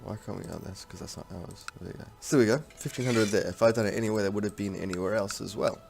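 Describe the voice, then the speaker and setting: A man's voice: lowish voice, quick pace, creaky, a little mellow. A man giving casual gameplay commentary on a strategy game, thinking aloud in a rambling, frank way. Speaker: strategy game let's-player.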